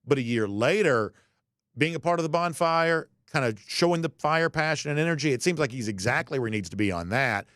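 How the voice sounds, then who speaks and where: A man's voice: fairly high pitch, animated, fairly quick, a bit bright, no echo, clean studio sound. A man hosting a college football podcast, talking in a conversational way with folksy asides. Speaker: podcast host. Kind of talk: sports commentary monologue.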